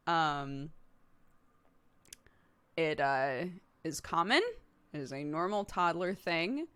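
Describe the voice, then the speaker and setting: A woman's voice: fairly low pitch, animated, slow, long pauses, fairly bright tone, clean tone. A woman in her thirties hosting a live stream, chatting casually with viewers and laughing often as she tells stories about her toddler. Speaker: streamer host.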